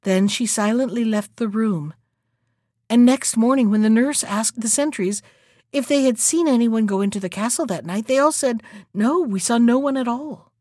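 A woman narrating a fairy tale in a steady, even storybook reading. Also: a little high, moderate pace, dry recording, studio quality.

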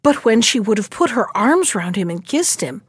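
A woman reading a fairy tale aloud, narrating in a measured, expressive way. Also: fairly high pitch, husky, no room sound, studio quality. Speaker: storyteller.

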